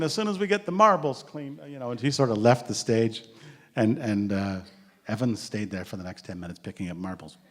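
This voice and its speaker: A man tells stories in a lively, animated way, jumping into the voices of the people he describes. His pitch swoops widely between phrases. A long hall reverb trails after every line. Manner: animated, acts out quotes, laughs often. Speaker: storyteller sharing memories. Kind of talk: anecdotal storytelling.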